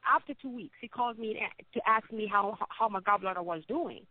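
A woman telling her own story as an interview guest, halting and often repeating words as she speaks. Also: mid-range voice, no room sound. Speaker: interview guest, cancer survivor. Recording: tinny phone-like line, dry.

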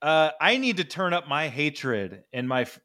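Guy ranting on a sports podcast, sarcastic, kinda high-pitched. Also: big pitch swings, unhurried, pushed and bright. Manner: mock-angry, sarcastic ranting. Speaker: podcast host. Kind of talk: ranting casual chat.

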